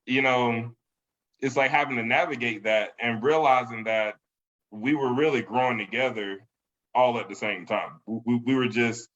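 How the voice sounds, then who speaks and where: A young adult man, a podcast guest, reflecting in casual chat in a relaxed way. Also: medium pitch, moderate pace. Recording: dull lo-fi sound.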